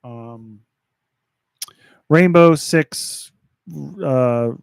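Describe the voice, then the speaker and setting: Gravelly guy on a podcast, slow and hesitant, dry sound. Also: medium pitch, no room sound. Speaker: podcast co-host. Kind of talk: casual podcast banter.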